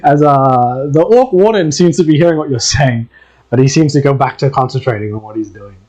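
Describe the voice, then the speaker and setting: A man narrating a tabletop game as dungeon master, in a lively manner with frequent laughter. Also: medium pitch, brisk.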